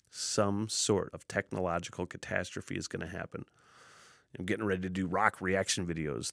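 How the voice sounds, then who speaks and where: With a deep voice and vocal fry, and no room sound on the recording, this podcast host rambles alone from his basement studio. His animated, profane storytelling is punctuated by chuckles at his own jokes.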